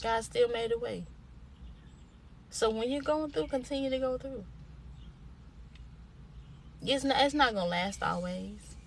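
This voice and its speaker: A woman's voice: a little high, unhurried, creaky, long pauses, a little hiss or hum. A young adult woman speaking to camera as a motivational speaker. She talks in an informal, colloquial way and repeats her lines like a preacher exhorting a crowd. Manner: emphatic, repetitive, preacher-like exhortation. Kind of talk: inspirational direct-to-camera talk.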